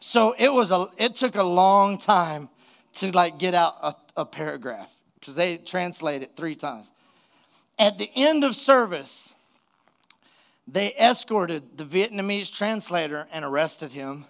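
A man, a pastor, preaching a sermon and telling a funny story in an animated way, laughing at his own jokes. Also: high-pitched, measured pace, vocal fry. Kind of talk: sermon with a humorous personal story.

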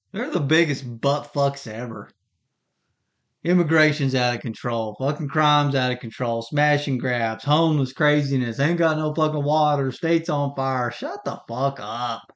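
A man's voice: medium pitch, lively intonation, moderate pace. A man hosting a podcast, ranting heatedly in a rambling, profane monologue. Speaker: podcast host. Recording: dull lo-fi recording.

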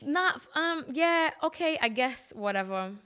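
Blunt, fairly high-voiced woman co-host. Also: animated, unhurried, pushed and bright. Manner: blunt, uses lots of fillers. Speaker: podcast co-host. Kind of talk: casual chat.

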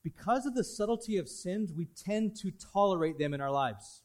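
A man preaching a sermon to his congregation, swinging between loud, pressing emphasis and quiet, hushed asides. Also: high-pitched, animated, normal speed. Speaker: pastor.

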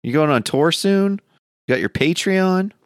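A man's voice: on the high side, animated, measured pace, clean tone, dry recording, studio quality. A man co-hosting a podcast, easygoing and teasing as he thanks the guest. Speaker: podcast co-host.

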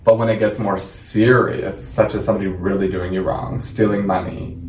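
A man co-hosting a casual chat, talking in a relaxed, conversational way and putting questions to his co-host. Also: sits low, moderate pace, a little hiss or hum. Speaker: podcast co-host. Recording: echoey room, distant from mic.

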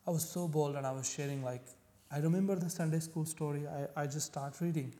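Mellow-voiced man, earnest testimony. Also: a little high, steady tone, long reverb tail. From Pakistan. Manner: earnest, halting non-native English with restarts. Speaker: guest. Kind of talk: personal faith testimony in conversation.

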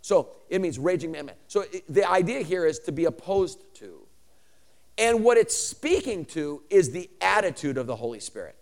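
A man preaching a sermon, teaching word meanings slowly and repeating them, then building to shouted calls for amen. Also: fairly high pitch, sing-song. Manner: spells out and repeats words slowly.

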